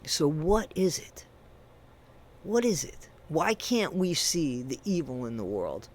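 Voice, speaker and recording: A man giving a ranting true crime commentary, indignant and emphatic, swinging between loud bursts and low muttering. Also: lively intonation, slow.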